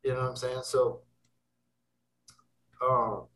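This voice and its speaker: A man's voice: mid-range voice, fairly even intonation, slow, a bit bright, far from the mic, poor audio. A young man speaking as an interview guest, intense and emphatic, swearing freely. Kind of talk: casual interview talk.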